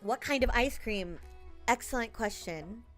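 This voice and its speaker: A woman's voice: on the high side, expressive, unhurried, fairly bright tone, soft background music. A woman streamer chatting casually with her live chat, laughing often and thanking viewers by name.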